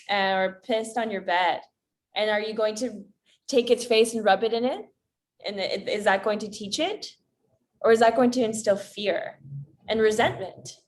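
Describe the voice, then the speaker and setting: A woman coach, a guest on a podcast, talking in a calm and reflective way with spiritual phrasing. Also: on the high side. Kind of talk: casual podcast conversation.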